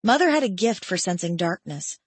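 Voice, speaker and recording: A woman narrating a first-person romance audiobook in a soft, reflective, subdued manner. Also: fairly low pitch, big pitch swings, brisk, breathy edge, dry recording.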